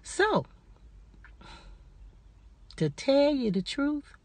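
A woman's voice: high-pitched, sing-song, extremely slow, a little mellow, no echo. A middle-aged woman in a casual personal vlog, chatty and talking straight to her viewers as y'all. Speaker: vlogger.

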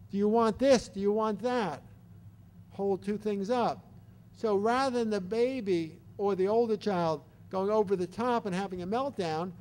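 An older man giving an explanatory talk on child development, animated and acting out baby and parent voices as examples. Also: high voice, slight background noise.

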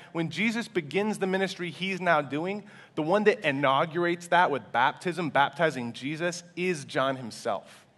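A man's voice: mid-range voice, fairly bright tone. A man in his twenties preaching a sermon in a church, humble and earnest, often restarting his sentences. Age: 20s. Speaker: pastor.

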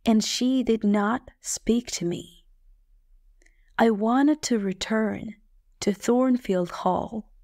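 A woman narrating a story in the first person for English learners, slow, plain and clearly spoken. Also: medium pitch, darkish tone, no room sound, studio quality. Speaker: audiobook narrator.

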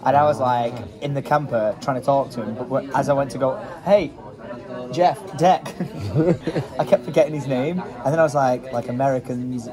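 A chatty British man hosting a travel vlog, laughing often and excited as he talks. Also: mid-range voice, fairly quick. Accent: British English. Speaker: vlogger host. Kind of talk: casual travel vlog chat. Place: road trip, petrol station. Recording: crowd noise behind.

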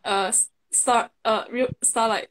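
Shy woman from the Philippines, higher voice. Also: fairly even intonation, normal speed, a bit bright. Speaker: fan calling into a livestream. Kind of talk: casual chat as a livestream guest.

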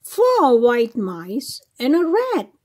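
A woman voicing a kindly fairy godmother in a children's storybook reading, speaking in a gentle, soothing way. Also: high-pitched, wildly swooping pitch, extremely slow, heavily acted. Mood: instructing. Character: kindly magical old fairy godmother, reassuring. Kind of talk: storybook read-aloud for children.

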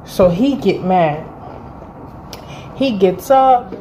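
A thirty-year-old woman tells a casual storytime vlog, blunt and full of profanity. Her voice is mellow and dark-toned, with a soft hum of room ambience faintly behind her. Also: mid-range voice, lively intonation, drawn-out words, highs cut off. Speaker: vlogger. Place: indoor room by a window.

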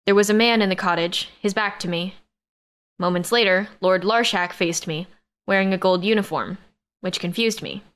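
A woman narrating a first-person audiobook in a steady storytelling manner. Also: medium pitch, moderate pace, smooth.

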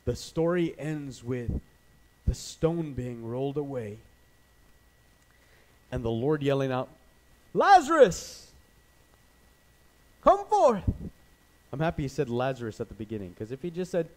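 In a low-quality recording, a Canadian man with a mid-range voice preaches at normal speed. He's a lively storyteller who acts out the voices of the people in his anecdotes.

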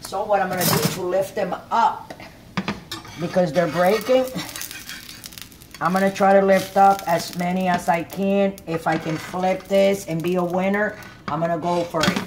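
A woman's voice: lowish voice, fairly even intonation, moderate pace, background noise. A middle-aged woman hosting a cooking video in her home kitchen, chatty and rambling, often checking that viewers follow her. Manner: chatty, rambling, keeps asking "you know what I'm saying?". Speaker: cooking show host. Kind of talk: casual cooking demonstration.

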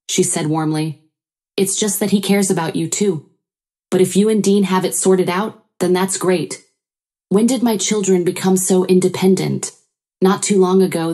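An older woman narrates a first-person life story in a calm, even reading voice. Her voice sits low and sounds mellow and soft-edged. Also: vocal fry.

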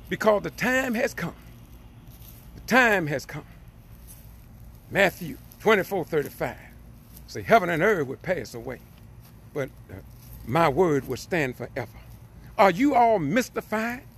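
Man, fervent preacher, high-pitched, husky and raspy, repetitive emphatic delivery. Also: a bit bright. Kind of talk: impassioned preaching.

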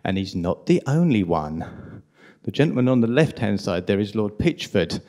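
A man with a strong London accent giving an impassioned, indignant conference talk at a rapid pace. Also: on the low side, very animated, a little mellow. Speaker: conference speaker.

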